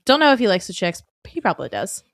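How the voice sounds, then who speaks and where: A woman co-hosting a podcast in a casual chat, animated, wry and quick to giggle. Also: medium pitch, gravelly, dry recording, studio quality. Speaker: podcast co-host.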